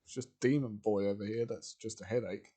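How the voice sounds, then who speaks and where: A man's voice: fairly low pitch, steady tone, fairly quick, dark tone, husky. A man voicing a grumbling male dragon spirit who complains about his companion.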